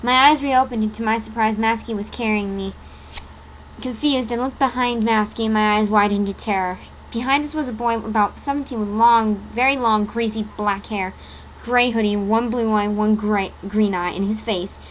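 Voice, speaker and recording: A woman's voice: a little high, normal speed, slight background noise, low-quality recording. A woman reading a horror story aloud in a dramatic storytelling style, stumbling over a word now and then. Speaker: reader.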